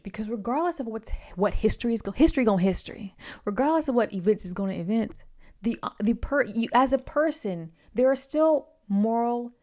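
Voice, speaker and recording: A young woman with a medium-pitched, slightly mellow voice reviews a novel in a casual, chatty vlog. She's a book reviewer who fills her talk with asides and self-corrections.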